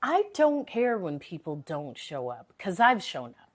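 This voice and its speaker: A woman's voice: on the low side, very animated, a little slow. A woman hosting a live stream, talking earnestly and motivationally, repeating phrases for emphasis, her voice a little worn from a sore throat. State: recovering from a sore voice. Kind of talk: casual live-stream chat.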